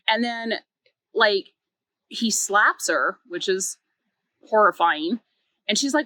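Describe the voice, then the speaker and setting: A woman retells a short story's plot in a loose, chatty way. She fills her sentences with filler words and slips into little acted quotes. Her voice sits at a middle pitch, and the recording is dry and close. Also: unhurried, sharp tone, no room sound, poor audio. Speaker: book reviewer. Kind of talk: casual story recap.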